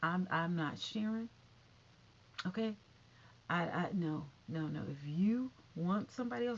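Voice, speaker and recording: A woman's voice: fairly low pitch, animated, moderate pace, gravelly. A woman vlogger giving sassy casual commentary, calling listeners honey and baby. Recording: dull lo-fi recording with faint noise.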